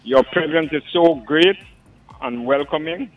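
A man's voice: fairly high pitch, unhurried. An older man phoning in to a radio show, rambling and repeating himself with formal courtesies. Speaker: radio caller. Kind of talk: phone-in call to a radio show. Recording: tinny phone line.

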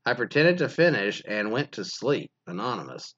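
A man's voice: mid-range voice, very animated, normal speed, a bit bright, lo-fi sound. A man hosting a podcast, reading anonymous stories and riffing on them with crude, rambling jokes. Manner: crude, joking, rambling, laughs often. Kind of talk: casual comic commentary.

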